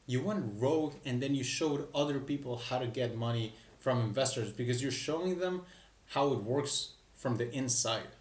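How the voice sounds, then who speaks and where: Man, candid business coach, roomy echo, off-mic distance. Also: medium pitch. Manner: candid, self-deprecating, quick asides. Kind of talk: casual talking-head explanation. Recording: echoey room, mic at a distance.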